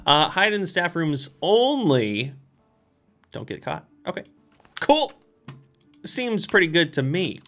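A woman's voice: fairly low pitch, slow pace, long pauses. Woman lets-playing, laughs a lot, voice swoops all over, game music behind. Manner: excitable, laughs often, frantic exclamations. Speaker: game streamer. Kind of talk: let's play commentary.

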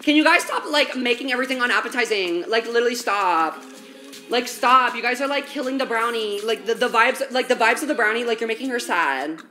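A young woman talks her viewers through a recipe in a home kitchen, full of valley-girl slang and casual swearing. Her voice sits a little high and sounds bright and forward. Faint music plays in the background. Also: animated, fairly quick. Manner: valley-girl slang, profane, chatty, talks straight to chat. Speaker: streamer. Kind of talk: casual baking livestream chat.

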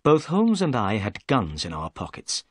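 A man reading a graded story aloud for English learners in clear, measured narration. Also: lowish voice, huge pitch swings, no echo, clean studio sound. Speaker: story reader.

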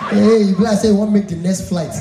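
A man's voice: high voice, steady tone, quick pace. A man hosting a comedy show, teasing his guests and laughing along with them. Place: live comedy venue indoors. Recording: echoey room with loud noise.

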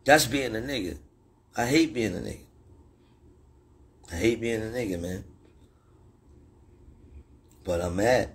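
Man, middle-aged, rapper, husky voice, angry profane rant, phone livestream. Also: lively intonation, a little slow, pauses often. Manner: angry, profane, threatening tirade that jumps into sudden high shouts.

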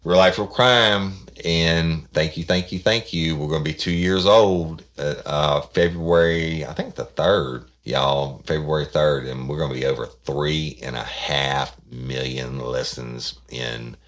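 A man's voice: very deep voice, steady tone, unhurried, hardly any pauses, fairly bright tone. A man, hosting a podcast in rambling casual chat with many restarts. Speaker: podcast host.

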